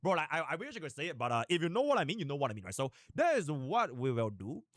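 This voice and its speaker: A man live streaming and chatting casually, animated and rambling, with sudden fast bursts. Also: on the high side, no echo, studio quality.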